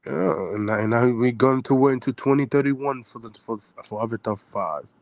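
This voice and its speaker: A man's voice: mid-range voice, moderate pace. A man co-hosting a casual livestream, talking enthusiastically with frequent ums and restarts. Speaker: podcast co-host.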